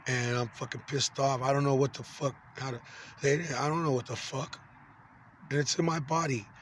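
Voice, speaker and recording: A man's voice: mid-range voice, a bit bright, slight background noise. A man in his forties talking to camera in an angry, rambling, profane monologue full of fillers and restarts. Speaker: vlogger.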